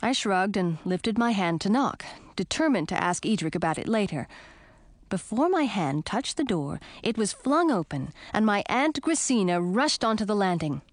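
A woman reading a first-person storybook aloud in an expressive, animated way. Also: mid-range voice, moderate pace, no room sound. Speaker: audiobook narrator.

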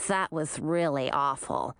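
A woman voicing a small, sharp-tongued female pet snake in a storybook reading, teasing and dryly critical. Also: deep voice, a little slow, clean tone, no room sound, clean studio sound, voice pushed down.

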